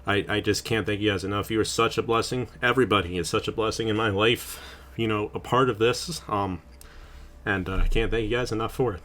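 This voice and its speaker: A man, host of a racing channel, speaks with his voice breaking as he cries. He laughs softly through the tears and thanks his audience in a heartfelt, halting way. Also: on the low side, steady tone. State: crying. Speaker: channel host and race commentator. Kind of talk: emotional closing remarks on a stream.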